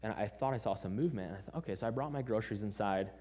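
A young adult man preaching, telling a personal story with lively acted-out quotes before moving into teaching. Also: lowish voice, racing, husky. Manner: animated storyteller acting out quoted voices.

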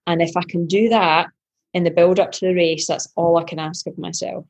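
Casting: lower-pitched husky woman, pro athlete guest, animated storyteller who replays her own thoughts. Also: brisk, highs cut off. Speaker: professional triathlete guest. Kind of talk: podcast interview storytelling.

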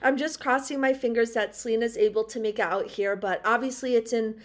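A woman's voice: on the high side, steady tone, brisk. A young woman in her twenties, co-hosting a casual pop-culture podcast and telling stories in a bubbly, gushing way. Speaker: podcast co-host.

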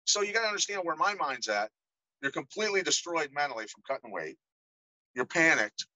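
Animated, bright-voiced middle-aged man telling stories. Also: on the high side, brisk, no room sound, low-quality recording. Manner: animated storyteller, acts out quoted voices. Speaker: podcast guest, former fighter. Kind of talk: casual storytelling interview.

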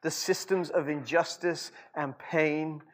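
Animated storytelling preacher, a man. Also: fairly high pitch, slow pace. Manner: storytelling, animated, laughs often, rhetorical asides. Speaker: pastor. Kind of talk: sermon.

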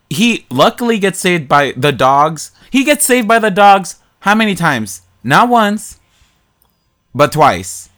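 A man in casual chat, recapping a movie plot in an animated, profane way and mocking the characters. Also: fairly high pitch. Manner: animated, profane storytelling with mocking quoted voices. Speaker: podcast co-host.

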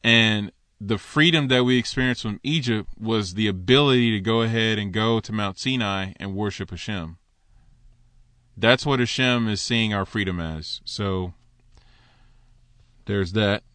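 A man teaching on the Torah in a casual, conversational way, slipping into animated asides. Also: fairly low pitch, measured pace, no echo.

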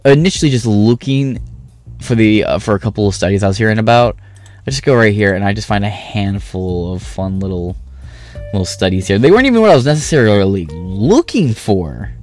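A man with a fairly low voice reads political articles aloud in a loose, casual way. He keeps cutting in with sarcastic, swearing asides. Soft music plays quietly underneath. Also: expressive, a little fast. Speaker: political commentary streamer.

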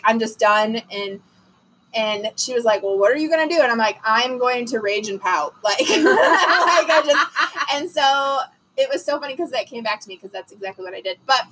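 Chatty detroit lady telling a story, lots of "like", kinda high and sharp sounding, does the voices when she quotes people. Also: a little hiss or hum, rough recording. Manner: animated, filler-heavy, acts out quoted lines. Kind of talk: casual storytelling chat.

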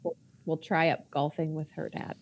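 A woman co-hosting a casual talk show, speaking in a gushing, animated way. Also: deep voice, moderate pace, slight background noise. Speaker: co-host. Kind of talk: casual chat.

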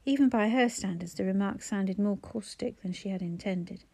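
Warm-voiced woman narrating a novel. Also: medium pitch, gravelly, no room sound. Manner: even, measured storytelling. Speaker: audiobook narrator. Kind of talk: scripted narration.

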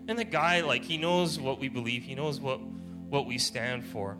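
This man's voice is mid-range and moderately paced as he delivers an informal testimony sermon in church, chatting through stories and laughing a lot, with soft guitar music behind him.

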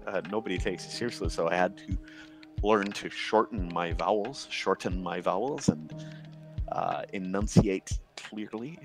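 A man in casual chat, laid-back, swearing often and laughing a lot. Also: lowish voice.

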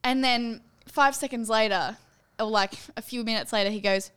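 Young woman co-host, casual and giggly, higher voice, smooth and clear. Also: normal speed, a bit bright. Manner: giggly, laughs often mid-story. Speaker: podcast co-host. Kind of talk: casual chat.

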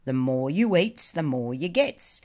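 A woman voicing a rough-and-ready male sailor with hearty, blunt, slangy talk. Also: low-pitched, expressive, a little slow, darkish tone. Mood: explaining.

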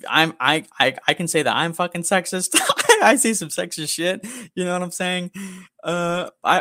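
A man's voice: mid-range voice, sharp tone, dry recording, studio quality. A young man co-hosting a podcast, telling a story in a blunt, profane, rambling way. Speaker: podcast co-host. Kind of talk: casual storytelling chat.

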